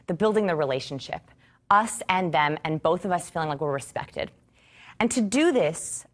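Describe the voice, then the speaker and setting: A woman in her thirties teaching a course to a live audience, enthusiastic and expressive, asking rhetorical questions. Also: mid-range voice. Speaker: course instructor.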